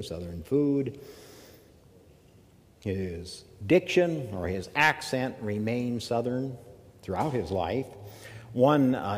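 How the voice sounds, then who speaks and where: A man from the American South giving a measured academic lecture, with emphatic phrasing and pauses. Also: lowish voice, long reverb tail. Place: lecture hall.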